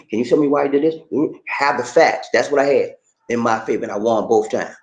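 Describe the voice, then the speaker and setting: A middle-aged online commentator speaks a little fast in a medium-pitched, slightly mellow voice. He repeats himself emphatically in a casual, preachy monologue, talking directly to viewers and calling them "man." The space sounds echoey.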